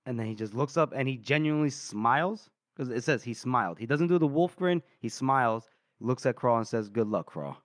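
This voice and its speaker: A man co-hosting a book podcast, retelling scenes in a casual, animated way and acting out the characters' lines with laughs. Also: mid-range voice, brisk, no room sound, clean studio sound. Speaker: podcast co-host.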